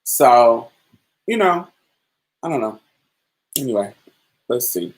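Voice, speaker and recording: A podcast host speaking in a casual, loose monologue, telling personal stories in a candid, colloquial way. The voice sits at an ordinary middle pitch, and the delivery comes across as relaxed and off the cuff. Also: slow, poor audio.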